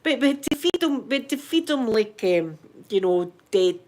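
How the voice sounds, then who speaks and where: A woman's voice: a little high, expressive, normal speed, darkish tone, slight background noise. A middle-aged Scottish woman hosting a live stream, chatting casually and greeting viewers by name. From Scotland. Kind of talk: casual chat.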